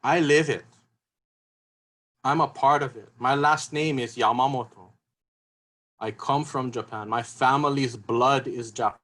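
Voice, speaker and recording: A man gives an emotional talk with a voice at an ordinary middle pitch. He speaks earnestly and comes back to the same phrases again and again. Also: fairly even intonation, measured pace, pauses often, a bit bright, rough recording. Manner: earnest, repeats key phrases. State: emotional, voice catching. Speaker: seminar speaker.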